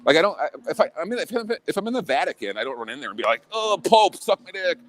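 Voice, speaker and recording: A man's voice: fairly high pitch, very animated, rapid-fire, fairly bright tone. A man from Illinois talking in a casual chat as a podcast guest, blunt and profane, with many restarts.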